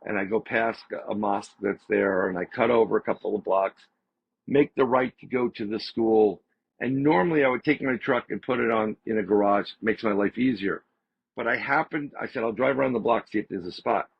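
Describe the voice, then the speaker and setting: A man, a podcast guest, telling a story in a casual, animated way and repeating phrases for emphasis. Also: lowish voice, fairly quick, gravelly, husky, dry recording. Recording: slightly dull lo-fi audio.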